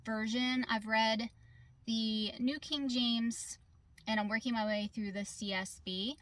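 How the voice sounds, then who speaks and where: A woman speaks in a chatty, unhurried way, with a voice sitting a little high for a woman. She films a show-and-tell vlog from inside her car, talking straight to the camera. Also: fairly bright tone, no room sound. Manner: chatty, conversational, with fillers. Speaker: vlogger.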